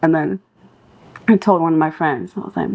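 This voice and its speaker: This young singer from Southern California has a deep voice and talks at a normal speed as a podcast guest, recounting street stories in a casual, cursing, laugh-filled way and acting out what people told her. The audio is lo-fi.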